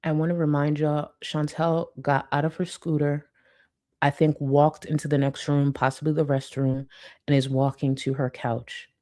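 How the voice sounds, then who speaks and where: A woman's voice: low voice, level tone, moderate pace, warm tone. A woman host giving blunt, profane, sarcastic reaction commentary on a streamer's clips.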